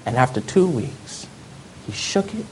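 A man telling a personal testimony in an earnest storytelling way, often dropping to soft low tones. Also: very animated, a little slow, a little hiss or hum. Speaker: speaker giving testimony.

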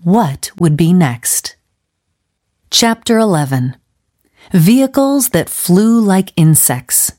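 Woman, audiobook narrator, low-pitched, measured, clear. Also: animated, mellow. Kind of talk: scripted storybook narration.

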